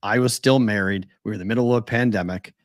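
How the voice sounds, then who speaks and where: A man's voice: on the low side, steady tone, fast, dry recording, clean studio sound. A man co-hosting a casual podcast, telling stories animatedly, acting out quotes and swearing. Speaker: co-host.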